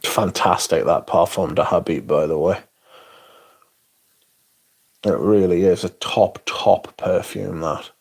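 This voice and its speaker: A man's voice: deep voice, slow, creaky, pauses often, slightly rough. A man hosting a casual livestream, sweary and sardonic, reading chat aloud as he talks. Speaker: livestream host.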